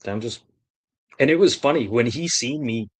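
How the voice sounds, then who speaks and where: A man's voice: mid-range voice, lively intonation, normal speed, darkish tone, breathy edge, no room sound. A man, a renovation contractor, telling a rambling, profane story in casual chat on his stream. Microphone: streaming mic.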